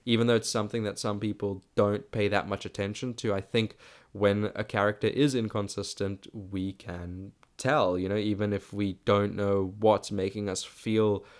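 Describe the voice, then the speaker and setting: Chatty South African man, low voice. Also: fairly even intonation, moderate pace. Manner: rambling, chatty, restarts sentences often. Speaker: podcast host. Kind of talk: casual solo movie review.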